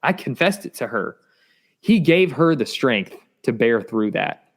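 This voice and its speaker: Earnest man sharing a halting testimony. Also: mid-range voice, sing-song. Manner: earnest, halting, repeats words, voice rises with intensity. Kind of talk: emotional personal testimony.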